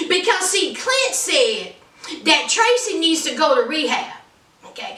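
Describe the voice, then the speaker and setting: A woman's voice: high-pitched, sing-song, measured pace, pushed and bright. A woman reviewing a reality show in a sassy, teasing way, full of playful slang. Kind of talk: casual commentary vlog. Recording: roomy, from a distance.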